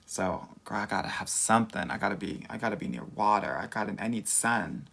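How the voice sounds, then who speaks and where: A man's voice: fairly low pitch, expressive, brisk, gravelly, few pauses, fairly bright tone, breathy edge. A man with a Southern California Valley accent, a dating coach chatting casually on a livestream, sassy and campy, calling everyone girl. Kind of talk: casual livestream chat reading comments.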